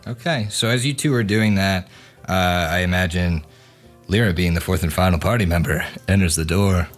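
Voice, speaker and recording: A man runs a tabletop game, narrating in a loose, hesitant way with lots of fillers. His voice is low, with faint music underneath. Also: moderate pace. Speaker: game master.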